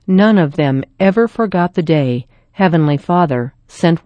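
A woman reading a children's story aloud in a gentle, even storytelling manner. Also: fairly low pitch, a little slow, few pauses, no room sound, dull audio. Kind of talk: scripted story narration.

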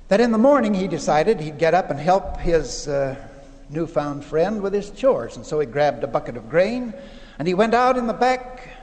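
A man, a church leader, telling a folksy fable in an animated way and putting on voices for the characters. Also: high voice. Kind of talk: storytelling talk. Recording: long hall reverb.

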